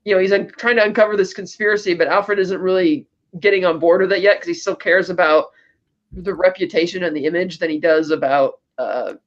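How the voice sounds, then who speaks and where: A man with a fairly high voice gives a casual, meandering movie recap and paraphrases what the characters say. The audio sounds dull and lo-fi. He talks like a podcast co-host walking his friends through the plot. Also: steady tone, brisk. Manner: rambling retelling with loose paraphrased quotes.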